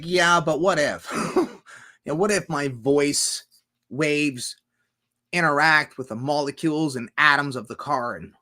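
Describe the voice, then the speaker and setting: A man's voice: mid-range voice, bright, forceful tone. A man hosting a casual livestream, reading out chat comments and riffing on them in a rambling, profane way.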